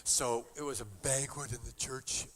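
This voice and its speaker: An older man leads a university chapel service as musician and worship leader, telling a story between songs with playful, joking exaggeration. His voice is medium-pitched and a bit bright, and he speaks at a moderate pace.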